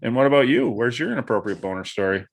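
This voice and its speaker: A man's voice: mid-range voice, expressive, fast talker, creaky. A man co-hosting a casual podcast, teasing his friend and swearing freely. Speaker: podcast co-host. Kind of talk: casual chat.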